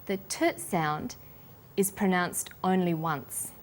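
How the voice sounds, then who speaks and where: A woman with an Australian accent hosting a scripted English pronunciation lesson, speaking slowly and articulating each word clearly. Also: mid-range voice, animated. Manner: slow, deliberate, clearly articulated. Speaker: English teacher and host.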